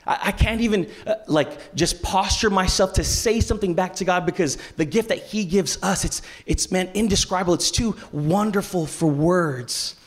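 A man in his thirties preaching a family church service, lively and playful, working the crowd with call-and-response. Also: high-pitched, a little fast, few pauses. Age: 30s. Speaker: pastor. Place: large church auditorium.

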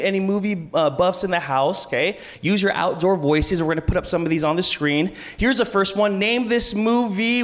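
A pastor in his thirties leads a family-style church service, his voice sitting high for a man. He keeps it playful and lively, teasing the congregation and pulling answers out of them before sliding into the sermon. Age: 30s. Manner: lively, playful crowd work with call-and-response. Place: large church auditorium.

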